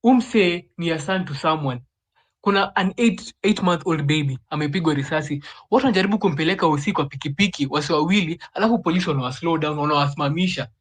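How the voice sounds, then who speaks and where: A Kenyan man talks fast in a live online audio room. His voice sits a little high, and he is furious and curses freely. He switches back and forth between Swahili and English. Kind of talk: impassioned casual talk.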